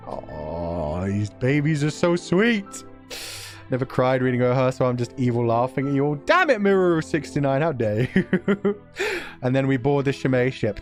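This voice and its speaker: A man reading a novel aloud on a livestream and chatting with viewers, animated, laughing often and swearing casually. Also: medium pitch, measured pace, faint music behind. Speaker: streamer.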